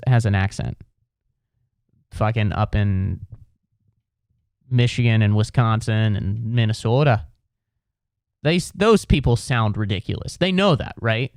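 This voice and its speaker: A man's voice: medium pitch, no room sound, studio quality. Rambling, profane Ohio man. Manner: rambling, profane, full of restarts. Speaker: podcast host. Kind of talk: comedic solo podcast rant.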